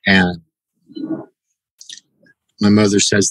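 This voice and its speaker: A man being interviewed on a podcast, telling stories in a halting, reflective way. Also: lowish voice, a bit bright, dry recording, rough recording. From United States. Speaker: podcast guest, jiu-jitsu black belt. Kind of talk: casual interview, storytelling.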